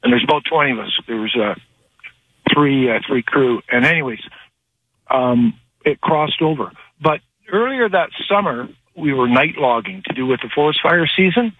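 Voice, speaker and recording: A man calling in to a radio show, telling a story in a rambling, animated way with many restarts, heard over a phone line. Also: a little high, normal speed, slightly rough, dry recording. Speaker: caller. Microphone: telephone.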